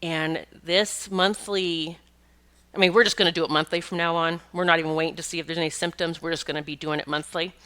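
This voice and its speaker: Fairly quick and steady in tone, her fairly low voice comes across sharp yet smooth. She's a middle-aged podcast host and pet communicator, rambling casually through stories, restarting often and laughing occasionally.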